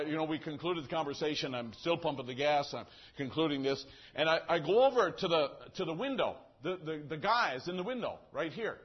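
A male pastor preaching, telling a story with animated acting and gestures. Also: on the high side, husky. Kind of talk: sermon with a story. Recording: dull lo-fi recording.

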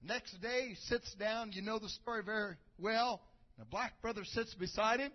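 A male preacher tells a story in his sermon, moving from quiet narration to shouted praise. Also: high-pitched, moderate pace. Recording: muffled lo-fi recording.

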